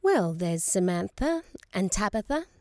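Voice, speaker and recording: A woman reading a storybook voices a loving, sunny-natured young mother who talks gently. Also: mid-range voice, sing-song, a little slow, no echo, clean studio sound. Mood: tender. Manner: gentle, soothing.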